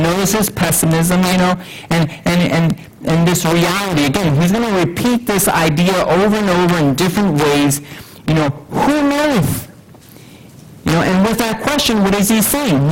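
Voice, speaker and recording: A man preaching a sermon in an unhurried way, with many fillers and rhetorical questions. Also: high-pitched, poor audio.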